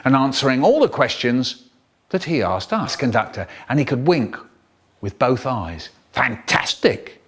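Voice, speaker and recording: A man's voice: mid-range voice, sing-song, a little slow, fairly bright tone, breathy edge. A man telling comic stories in spliced bits, jumping between the voices of family members. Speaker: storyteller.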